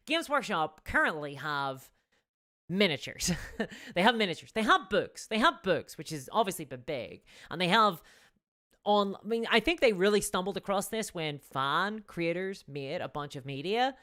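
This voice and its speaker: A woman's voice: medium pitch, a bit bright. A woman hosting a live stream, chatting casually, rambling with restarts and thanking viewers for donations. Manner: rambling, with frequent restarts and fillers.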